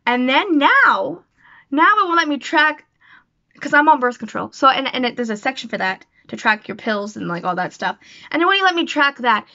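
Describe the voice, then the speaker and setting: A woman's voice: fairly high pitch, animated, moderate pace, vocal fry, bright, forceful tone, dry recording. A young woman talking casually in a personal vlog, rambling and self-deprecating with lots of fillers. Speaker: vlogger. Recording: dull lo-fi sound, dry.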